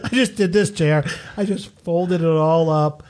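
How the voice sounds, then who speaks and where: A man's voice: on the high side, normal speed, a little mellow. A man co-hosting a casual chat, who keeps laughing as he tells a funny story. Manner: laughs often while telling a story.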